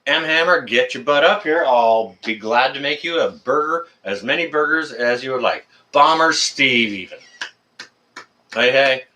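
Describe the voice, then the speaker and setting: A man's voice: medium pitch, expressive, a little slow, pushed and bright. A man from Canada hosting a casual live stream, greeting viewers by name in a friendly, rambling way with many fillers.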